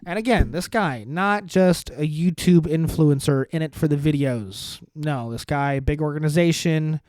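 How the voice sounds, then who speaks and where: A man hosting a podcast, rambling through sardonic dark jokes in a casual monologue. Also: on the high side, unhurried, few pauses, no echo. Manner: sardonic, dark deadpan humor with rambling asides. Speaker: podcast host.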